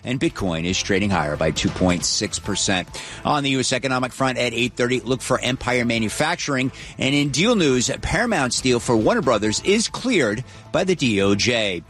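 A man reading market news from a breaking news desk, rapid and matter-of-fact. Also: medium pitch, lively intonation, fairly bright tone, soft background music. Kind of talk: scripted market news read.

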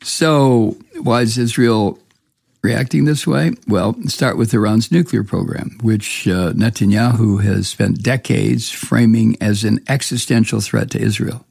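A man with a very gravelly, scratchy voice reads news passages aloud and breaks into scornful, profane commentary. He sounds hoarse. The recording is dry and close, with no room sound. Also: fairly low pitch, steady tone, measured pace, darkish tone, no echo. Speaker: political commentator.

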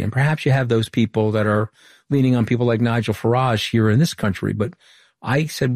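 A middle-aged man from Long Island tells his story in an interview, moving briskly from anecdote to anecdote and acting out bits of dialogue. His voice sits on the low side. The sound is close and dry, with no room around it. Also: gravelly, a little mellow, breathy edge, no room sound. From Long Island, New York. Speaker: interview guest, former political communications director. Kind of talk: candid storytelling interview answers.

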